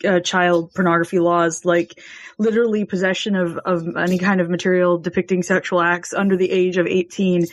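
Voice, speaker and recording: A woman's voice: fairly low pitch, flat delivery, fairly quick. A woman from Canada, a regular guest on a podcast, talking in an earnest, hesitant way as she searches for words. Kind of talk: casual podcast discussion.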